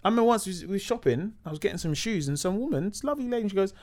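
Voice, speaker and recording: A man's voice: sits high, animated, very fast, a little mellow. A man telling comic anecdotes on a podcast, slangy and acting out the voices of people in his stories. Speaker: comedian guest.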